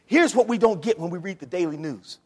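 A man preaching a sermon in a high, animated voice. He reads scripture low and steady, then rises into loud, shouted calls. A long reverb from a large hall hangs behind every phrase. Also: fairly quick. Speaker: pastor.

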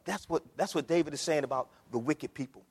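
A man preaching a sermon as pastor, moving from steady scripture reading to loud, shouted passages. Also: a little high, a little fast, slightly rough, in a large hall.

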